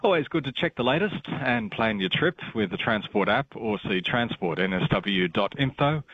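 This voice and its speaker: A man's voice: fairly low pitch, moderate pace, slightly rough. Australian man giving a traffic report. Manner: steady, with many uhs. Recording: dull, lo-fi line.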